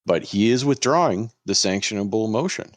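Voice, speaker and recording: Man, deep low voice, dry close sound, lively storyteller, lawyer chatting on a podcast. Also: moderate pace, no room sound. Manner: animated, acts out quoted lines.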